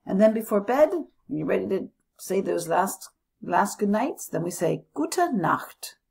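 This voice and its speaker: A woman from the United States teaching a language lesson, slowly modeling phrases and repeating them for students. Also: mid-range voice, expressive, vocal fry, darkish tone, slightly rough.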